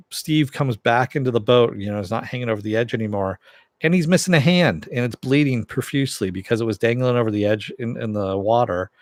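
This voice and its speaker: A man casually recapping a TV episode in a rambling way, full of fillers, lifting his voice when he quotes the characters. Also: no echo. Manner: rambling, many fillers, raises pitch when quoting characters. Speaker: TV episode reviewer.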